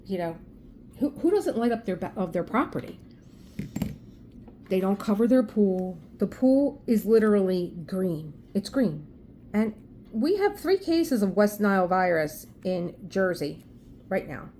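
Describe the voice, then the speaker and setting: A woman with a South Philly accent talks casually on her craft vlog and tells a neighbor story in an indignant, emphatic voice. Her pitch sits in a middle range, and she often restarts her words as she pushes her point. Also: big pitch swings, measured pace, dark tone, a little hiss or hum. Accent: Philadelphia. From South Philadelphia. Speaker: craft vlogger. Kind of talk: casual chat, telling a story.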